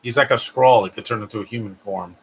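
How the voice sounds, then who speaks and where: A man's voice: on the low side, quick pace, breathy edge. A man hosting a live stream, making casual, sarcastic asides while watching a film.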